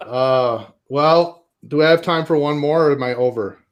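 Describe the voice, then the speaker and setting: A man's voice: a little high, slow pace, highs cut off. A man from Minnesota doing a stand-up set on a live comedy stage, rambling, self-deprecating and laughing at his own jokes. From Minnesota, USA.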